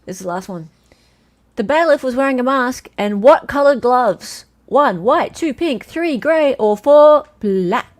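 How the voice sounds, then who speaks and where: A woman's voice: high-pitched, expressive, unhurried. An Australian woman hosting a casual livestream, chatting, laughing and reading out quiz questions and viewers' names. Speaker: livestream host.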